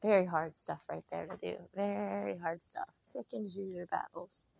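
A middle-aged woman giving an emotional personal testimony, slow and heartfelt with faith-filled sighs and pauses. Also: fairly low pitch, fairly even intonation, vocal fry, a little mellow, no echo. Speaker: vlogger.

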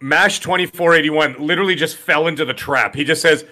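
Loud, emphatic middle-aged man. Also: on the high side, a little fast. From Canada. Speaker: podcast co-host. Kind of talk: casual podcast chat.

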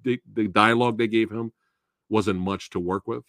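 Chatty, low-voiced man reviewing a film. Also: fairly even intonation, normal speed, a bit bright, dry recording, clean studio sound. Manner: rambling and chatty, with fillers and laughs. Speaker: host of a movie talk show. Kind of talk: casual live movie review.

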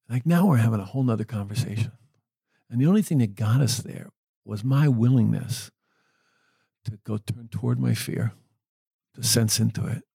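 Gravelly, low-voiced man telling a story. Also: mellow, dry recording. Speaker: end-of-life caregiver. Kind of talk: reflective storytelling.

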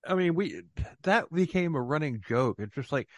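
A man's voice: a little high, expressive, normal speed, no echo. A man hosting a casual podcast chat, joking sarcastically and laughing often. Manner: dry sarcastic humor, frequent laughing. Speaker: podcast host.

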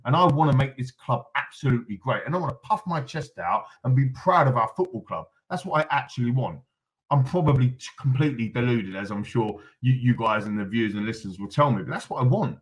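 On a fan podcast, a guest pundit rants passionately, rattling off lists and admitting he's on a rant, with apologetic asides mixed into his emphatic delivery. His mid-range voice is expressive and fast. The recording quality is rough.

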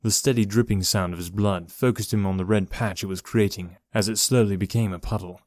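A man giving a steady, measured reading of a horror story as narrator. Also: on the low side, no room sound. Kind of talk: scripted horror audiobook narration.

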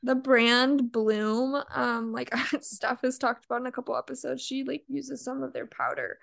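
A woman's voice: high voice, normal speed, gravelly, fairly bright tone. A young woman co-hosting a podcast in casual chat, blunt and sarcastic, swearing freely as she rants. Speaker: podcast co-host.

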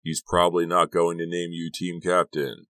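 A man reading an audiobook, voicing a wisecracking teenage boy with a slow, drawn-out teasing delivery. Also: low-pitched, level tone, fairly bright tone, dry recording.

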